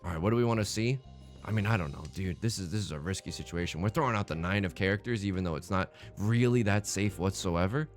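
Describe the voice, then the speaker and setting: A man hosting a let's play, giving excitable, joking, meme-heavy commentary on his own game. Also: low voice, fast talker, faint music behind. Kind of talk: live gameplay commentary.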